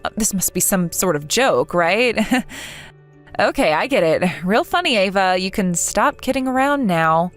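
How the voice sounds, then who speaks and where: A woman's voice: medium pitch, animated, a little slow, faint music behind, natural voice. A synthetic woman's voice speaking as a hurt young woman in a text-message story, asking earnest, pleading questions.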